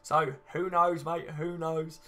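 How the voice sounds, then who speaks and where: A man hosts a casual fan live stream, answering viewer comments one after another. His voice sits a little high and sounds bright and forceful. He talks in loose, friendly banter. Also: little pitch movement, slow pace. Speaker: fan channel host.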